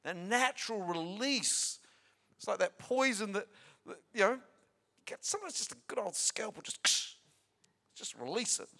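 Male pastor, high voice, chatty emphatic sermon delivery with repeats and asides. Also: normal speed, vocal fry, pushed and bright.

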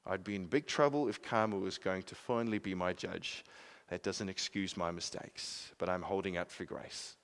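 A man preaching a sermon in an earnest way, swinging from emphatic peaks to quiet, soft passages. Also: low voice, fairly even intonation, normal speed.

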